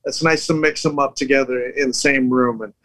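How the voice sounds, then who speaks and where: A man in his fifties, born in the Philippines and raised near San Francisco, chatting as a comedian guest in a relaxed, slangy way with frequent chuckles. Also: mid-range voice, brisk, no echo, poor audio. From Philippines, raised in South San Francisco. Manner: laid-back, chuckling, slangy. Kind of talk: casual interview chat.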